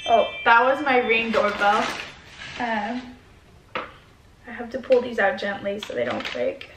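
A woman's voice: a little high, fairly even intonation, slow, echoey room, noisy background. A young adult woman vlogger chatting casually at home as she unboxes things, gushing and chatty with plenty of fillers. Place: her home.

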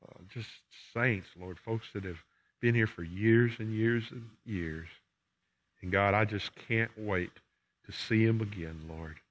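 Deep-voiced older preacher. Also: male voice, muffled recording. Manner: emphatic preaching, repeats phrases for emphasis. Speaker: pastor. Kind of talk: sermon and closing prayer. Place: church sanctuary.

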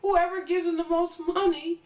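A woman's voice: extremely high pitch, fairly even intonation, moderate pace, darkish tone. An American woman giving an emphatic political commentary monologue, lecturing and addressing her viewers directly. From United States. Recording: roomy echo, voice from a distance.

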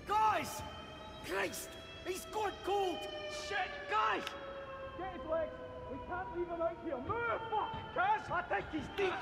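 Rig worker screaming in panic, super high, echoey with reverb. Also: male voice, takes it slowly, gravelly, over loud music, exaggerated voice. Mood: panicked. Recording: echoey game audio with reverb.

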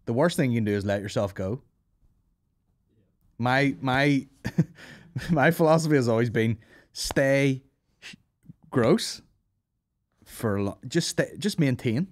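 A man's voice: mid-range voice, animated, takes it slowly, long pauses, no echo. A man hosting a comedy podcast, rambling through crude, swearing banter with jokes and asides.

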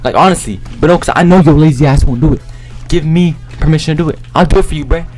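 A young man giving loud, slangy live commentary over his own gameplay, trash-talking other players and often shouting. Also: a little high, fast talker, over music. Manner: slangy, repeats lines and ends them with "bruh". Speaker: gaming YouTuber.

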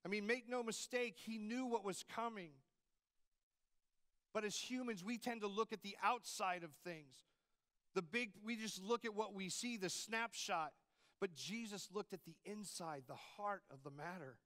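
A man's voice: high voice, moderate pace, a bit bright. A man preaching a sermon as campus pastor, in a conversational style with frequent rhetorical asides to the congregation.

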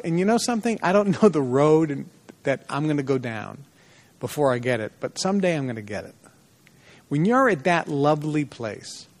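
A man lecturing at a motivational seminar, his voice sitting a little higher than most men's. He tells his stories with animation and slips into lively voices for the people in them. He speaks to a live audience in a seminar room. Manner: animated storyteller, acts out dialogue in a lively voice.

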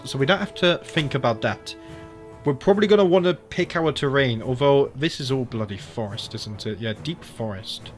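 An Australian man streaming a strategy game, chatting casually, thinking aloud and muttering as he clicks through menus. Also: mid-range voice. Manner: chatty, thinks aloud, mutters and self-corrects, frequent mild swearing. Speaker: gaming streamer. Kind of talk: casual live-stream commentary while playing a strategy game.

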